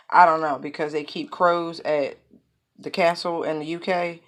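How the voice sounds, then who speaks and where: A woman with a low, deep speaking voice gives a relaxed tarot reading. She wanders off on tangents and fills her talk with loose asides. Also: normal speed. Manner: rambling, lots of fillers and asides. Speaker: tarot reader. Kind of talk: casual spoken tarot reading.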